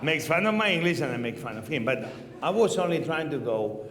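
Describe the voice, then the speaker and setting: A man's voice: on the high side, brisk. Spanish-accented man, echoey hall. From Spain. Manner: animated, laughing, swearing freely. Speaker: podcast host. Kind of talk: live onstage conversation. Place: large venue with live audience.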